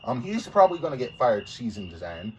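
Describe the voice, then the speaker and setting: A man's voice: mid-range voice, very animated, fairly quick, darkish tone. A man co-hosting a casual sports podcast, joking and blunt, cursing casually. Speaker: podcast co-host. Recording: distant mic with faint background noise.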